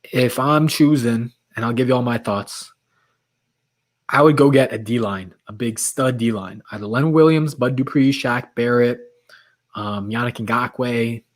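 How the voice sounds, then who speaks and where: Hosting a late-night livestream, a man with a medium-pitched voice talks a little slowly as he chats casually and reads viewer comments aloud. His voice is starting to wear out.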